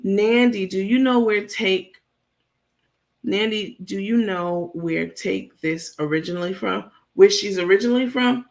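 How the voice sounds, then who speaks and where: Female stream host, gravelly edge, blunt and gossipy, reads chat aloud between loose unscripted commentary. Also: mid-range voice, measured pace. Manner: blunt, gossipy, frequent fillers and laughs. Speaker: livestream host. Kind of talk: casual commentary reading live chat.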